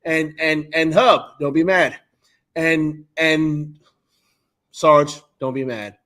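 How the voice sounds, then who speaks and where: A man co-hosting a casual sports chat, excitable and profane, often shouting and stammering over his own restarts. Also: a little high, slow pace. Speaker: co-host.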